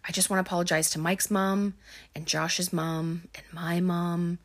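A woman's voice: fairly low pitch, little pitch movement, moderate pace. A woman voicing a terrified young filmmaker lost in the woods, speaking in a shaky, tearful half-whisper.

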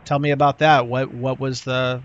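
A man's voice: medium pitch, little pitch movement, normal speed, muffled recording. A man hosting an interview who asks questions courteously, with frequent restarts and chuckles. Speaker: interviewer host. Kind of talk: conversational interview.

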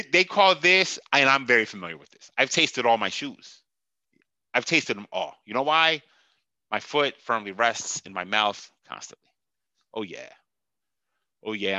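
A man's voice: mid-range voice, bright, forceful tone, no echo. A man hosting a sports podcast, ranting with profanity and sarcasm and laughing at his own jokes. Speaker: podcast host. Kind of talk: heated sports podcast rant.

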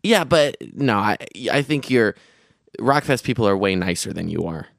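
A man's voice: lowish voice, expressive, normal speed, vocal fry, no echo, studio quality. A young man co-hosting a podcast, chatting casually and rambling with many restarts and fillers. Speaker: podcast co-host recounting a festival trip. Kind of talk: casual chat.

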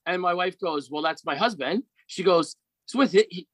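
Animated man telling a story. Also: high voice, normal speed, no room sound, low-quality recording. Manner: animated, repeats words when starting sentences. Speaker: guest telling a personal story. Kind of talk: casual conversational storytelling.

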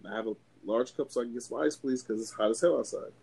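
This young man's medium-pitched voice is fast, gravelly and slightly rough. Co-hosting a podcast, he delivers a long, swear-filled story in casual chat, animatedly acting out both sides and every voice.

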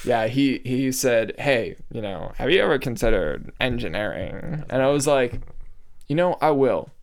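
A young man with a mid-range voice talking casually. He speaks in halting bursts, often restarting his sentences, and laughs along easily. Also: medium pitch, expressive. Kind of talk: casual chat.

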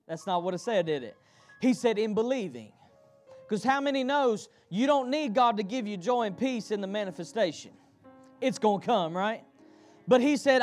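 A man preaching a sermon to his congregation, calling for responses and repeating phrases in a rhythmic delivery. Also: sits high. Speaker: pastor. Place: church.

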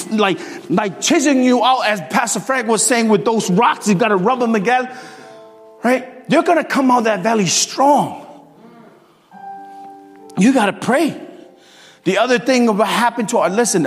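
Male preacher, high voice, animated storytelling sermon, long hall reverb, soft music underneath.

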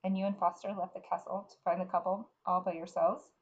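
A woman voicing a wounded older king and proud father in a measured, fatherly way, as she reads a fantasy novel. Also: fairly low pitch, level tone, dull audio, lightly acted.

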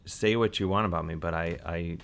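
A man telling an absurd made-up life story in a rambling, halting, deadpan way with lots of fillers. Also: low-pitched, creaky. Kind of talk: improvised comedic storytelling.

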